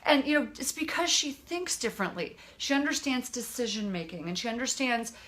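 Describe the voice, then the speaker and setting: Bright animated woman telling a story. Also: a little high, fairly quick. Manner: animated storyteller, acts out quotes. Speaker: podcast co-host, nurse. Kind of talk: casual storytelling chat.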